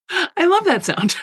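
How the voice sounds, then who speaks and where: A middle-aged woman talks as an author guest on a talk radio show. Her voice swoops up and down with lively energy, and she often laughs and slips into little quoted voices to make her point. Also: extremely high pitch. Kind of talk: casual interview chat. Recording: remote radio interview.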